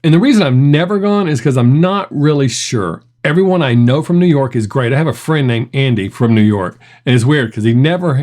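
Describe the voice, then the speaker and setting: A man's voice: medium pitch, animated, brisk, few pauses, a little mellow. A middle-aged man hosting a reaction video, telling stories in a chatty way and laughing often. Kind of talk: casual reaction commentary.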